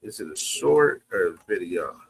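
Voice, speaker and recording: A man's voice: sits low, very animated, moderate pace, vocal fry, a little hiss or hum. A man hosting a boxing livestream, talking in loose, slangy, casual commentary. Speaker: boxing stream host.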